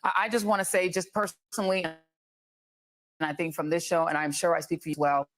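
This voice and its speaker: A woman's voice: fairly low pitch, fairly even intonation, brisk, slight background noise. A woman hosting a news interview, speaking earnestly with hesitant fillers. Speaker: news show host. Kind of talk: broadcast interview.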